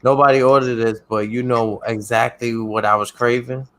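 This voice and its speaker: A man's voice: medium pitch, level tone, normal speed, poor audio. Laid-back man with a mid-range voice who tells stories in casual chat and keeps checking that the listener follows.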